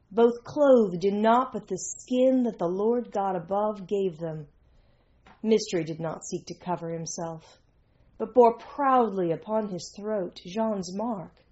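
A woman narrating a storybook in a measured, old-fashioned storytelling manner. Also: mid-range voice, darkish tone, highs cut off. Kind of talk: storybook reading.

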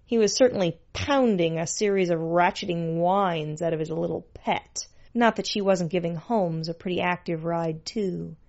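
A woman's voice: on the low side, normal speed, creaky, hardly any pauses, a little mellow, lo-fi sound. A woman narrating a story in a dry, sardonic manner.

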